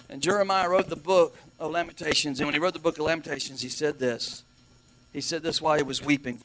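A man preaching a sermon, often calling out "amen?" and repeating lines as he swings from quiet musing to loud, rising exclamations. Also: sits high, fast. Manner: preaching with frequent calls of "amen?" and repeated phrases. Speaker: pastor.

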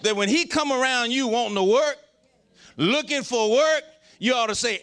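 A pastor preaching a folksy, joking sermon. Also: male voice, extremely high pitch, expressive, normal speed, fairly bright tone.

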